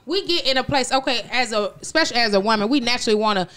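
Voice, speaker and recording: A woman's voice: fairly high pitch, rapid-fire, sharp tone, smooth. A middle-aged woman, co-hosting a casual podcast and giving emphatic, preachy advice. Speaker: podcast co-host.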